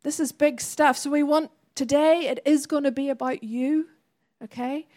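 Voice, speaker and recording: A woman's voice: high-pitched, fairly even intonation, normal speed, darkish tone. A woman preacher delivering a sermon in an earnest, conversational way with laughing asides.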